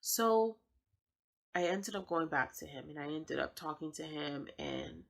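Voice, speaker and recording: A woman's voice: sits low, huge pitch swings, unhurried. A woman sharing a personal testimony as a vlogger, speaking in a casual, slangy, conversational way. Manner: slangy, conversational, frequent "I'm like" quotations. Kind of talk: casual spoken storytelling.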